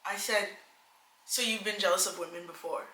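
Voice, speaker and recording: Chatty young woman, bright echoey voice. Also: medium pitch, steady tone, normal speed. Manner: chatty, emphatic, laughs often, acts out quoted men. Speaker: co-host. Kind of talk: casual chat, giving advice to young women. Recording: echoey room.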